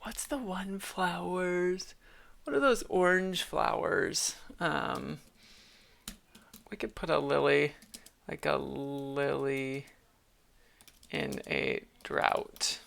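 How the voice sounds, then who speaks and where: A woman chatting casually on a livestream as she writes, thinking aloud and reading drafts back. Her voice is gravelly with a fry, bright and forceful, and sits fairly low. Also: drawn-out words, pauses often. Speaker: author streaming her writing. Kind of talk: casual livestream talk while writing.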